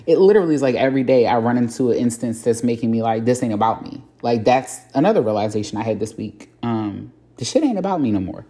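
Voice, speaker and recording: A woman's voice: a bass voice, dark tone. A woman hosting a solo podcast, talking frankly and reflectively with casual swearing and plenty of fillers. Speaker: podcast host. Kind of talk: candid solo podcast monologue.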